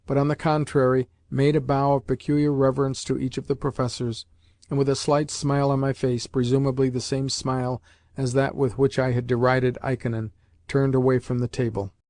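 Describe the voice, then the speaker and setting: A man reading a novel aloud in measured, even scripted narration. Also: medium pitch, no echo, studio quality. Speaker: audiobook narrator.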